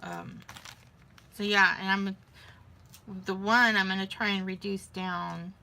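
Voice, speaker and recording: A woman's voice: mid-range voice, steady tone, takes it slowly, gravelly, bright, forceful tone. A woman vlogging in a casual, rambling way, thinking aloud as she shows her beadwork. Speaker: vlogger showing beading crafts. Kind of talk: casual chat.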